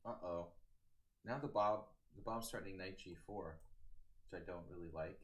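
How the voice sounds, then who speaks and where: A man's voice: low-pitched, normal speed. A man streaming chess live, with casual commentary and joking banter aimed at his chat.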